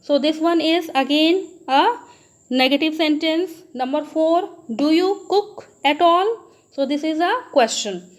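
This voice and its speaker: A woman's voice: high-pitched, a little slow. A woman teacher with an Indian English accent giving a grammar lesson, often addressing the students and asking, then answering, her own questions. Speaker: school teacher.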